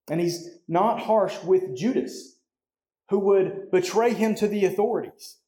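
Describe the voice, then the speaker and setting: A man's voice: sits high, measured pace, dark tone. Man preaching in an echoey hall. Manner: conversational, often tags "right?". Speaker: pastor. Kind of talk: sermon.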